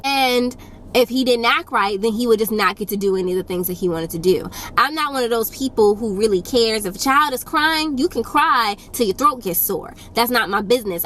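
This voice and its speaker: With a mid-range, fairly bright voice, a young woman gives a casual YouTube storytime to her camera. Her delivery is firm, blunt and sassy, repeating points for emphasis, over a faint hiss from the close microphone.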